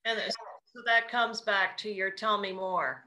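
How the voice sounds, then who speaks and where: A woman's voice: medium pitch, steady tone, unhurried, a crowd in the background. A woman hosting a casual interview over a video call, asking thoughtful questions with frequent ums. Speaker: host.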